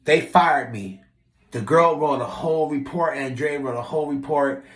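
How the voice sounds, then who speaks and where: A man with a slightly high voice tells a story in a loose, animated way, swearing freely and acting out the lines of the people in it. His voice rings around a bare, echoey room. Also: normal speed. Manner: animated, profane, acts out quotes with shifting voice. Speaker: vlogger telling a work story. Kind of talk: casual storytelling monologue.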